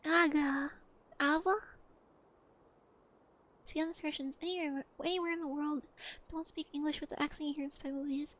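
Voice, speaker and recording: A woman streamer in casual livestream chat, playful and chatty as she answers her chat, often dropping to a soft, quiet voice. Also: high-pitched, fairly even intonation, moderate pace, pauses often, muffled recording.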